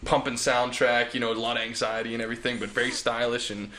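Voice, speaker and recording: A man co-hosting a casual movie podcast, excitable and quick to swear. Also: mid-range voice, a little hiss or hum. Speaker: podcast co-host. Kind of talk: casual film chat.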